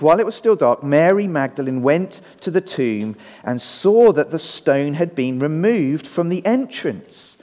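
A pastor in middle age tells a story to the children in his congregation and keeps asking them questions. His voice sits high for a man. A long echo from the big church hall follows his words. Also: normal speed, hardly any pauses. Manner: animated, questioning the audience. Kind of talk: children's talk in a sermon. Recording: long reverb of a large hall.

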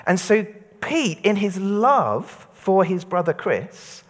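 A man's voice: high voice, slow pace, in a large hall. A man preaching an all-age church talk, getting children and adults to say words back to him. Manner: lively, interactive, leading call-and-response. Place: church hall.

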